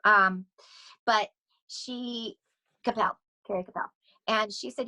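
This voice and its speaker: A middle-aged woman talking casually as a podcast guest, rambling and animated, often laughing as she speaks. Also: mid-range voice, slow pace, long pauses, poor audio. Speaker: podcast guest, vocal coach. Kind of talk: casual interview chat.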